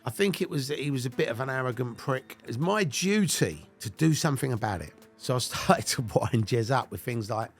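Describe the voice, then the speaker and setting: Speaking a little fast with hardly any pauses, a man from England in his fifties shares blunt anecdotes from his past, full of swearing and punctuated by laughter. His mid-range voice is animated throughout this casual storytelling.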